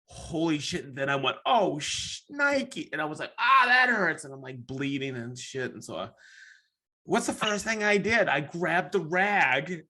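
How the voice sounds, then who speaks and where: Man, podcast host, bright and forceful, casual storyteller, profane, acts out his reactions. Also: on the high side, moderate pace.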